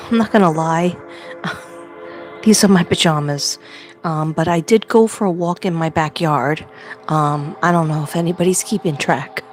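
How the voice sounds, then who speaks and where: A woman hosting a casual livestream from home, chatty and rambling, laughing often. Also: fairly low pitch. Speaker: livestream host.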